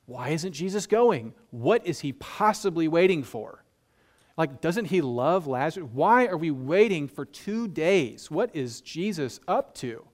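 A man's voice: on the high side, expressive, measured pace. Conversational, humorous male preacher. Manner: conversational, humorous, with rhetorical questions. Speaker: pastor. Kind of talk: sermon.

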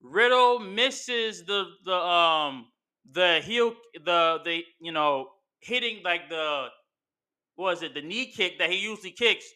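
A man's voice: high-pitched, animated, slow pace, pushed and bright, clean tone. A man hosting casual commentary, rambling through his ideas with lots of fillers and restarts. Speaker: wrestling commentary host.

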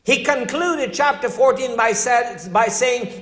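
An older man preaching as a pastor, telling stories in a conversational way and dropping his voice for emphasis. His voice sits fairly high for a man. The sound rings with long reverb, as if in a large hall. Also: slow pace, hardly any pauses, a bit bright. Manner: storytelling, conversational preaching with dramatic drops in voice. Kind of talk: sermon.

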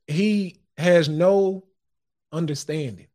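A man with a high voice talks in a loose, preachy podcast monologue. He chuckles often and drops curse words casually, a host working from his own studio. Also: animated, moderate pace, darkish tone. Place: home studio.

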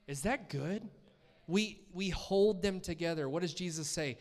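A man's voice: high voice, a little slow. A man preaching a sermon as a guest speaker in a church, talking conversationally and asking the congregation questions.

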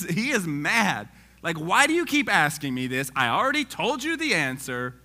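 A man's voice: a little high, bright, forceful tone. A man preaching a casual sermon, reading scripture aloud and joking with the congregation.

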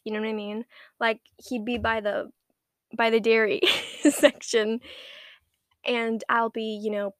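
A woman's voice: on the high side, no echo, studio quality. A young woman in a casual monologue to the camera, rambling and self-mocking, swearing constantly and dropping into whispers for asides.

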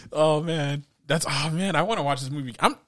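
A man co-hosting a podcast rambles in casual chat, laughing a lot and acting out quotes. His voice is fairly high-pitched with a fairly bright tone, captured in a dry, studio-quality recording.

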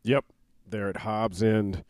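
Guy retelling a movie plot, mellow warm voice, dry close sound, acts out the lines. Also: fairly low pitch, takes it slowly, dry recording. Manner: animated storytelling, acts out quoted lines. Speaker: podcast co-host. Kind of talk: casual movie recap chat.

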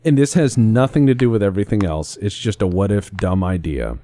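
A man's voice: on the low side, expressive, fairly quick, warm tone, a little hiss or hum. Man leading a casual podcast chat. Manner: laid-back, swearing freely.

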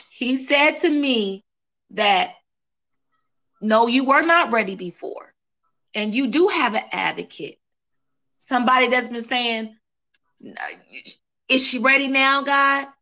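Bright-voiced woman telling her story. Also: fairly high pitch, slow, long pauses. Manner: animated, quotes others, repeats phrases for emphasis. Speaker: interview guest, singer. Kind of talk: casual interview, emotional storytelling.

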